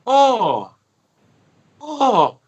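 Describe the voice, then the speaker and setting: A man voicing a cheerful old nun, high and sweet. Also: huge pitch swings, drawn-out words, a little mellow, breathy edge, dull audio, full character voice.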